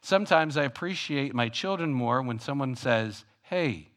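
Animated male pastor preaching. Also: mid-range voice, normal speed. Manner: animated, swings between loud and hushed; conversational, self-deprecating. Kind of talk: sermon.

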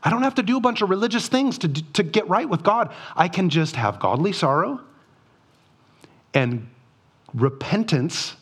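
A man's voice: on the high side, breathy edge. A man giving a devotional Bible teaching, reading passages aloud and asking earnest rhetorical questions.

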